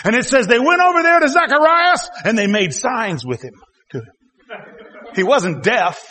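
A man preaching a sermon, telling the story in a folksy way and swinging from quiet asides to loud exclamations. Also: extremely high pitch, expressive, moderate pace, a crowd in the background. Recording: long hall reverb.

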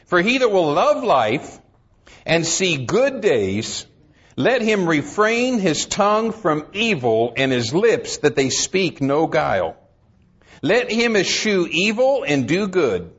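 A man preaching a sermon, emphatic and urging, reading scripture slowly and solemnly and dropping to low, intense tones. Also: sing-song, fairly bright tone, lo-fi sound. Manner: reads scripture in slow, solemn cadence.

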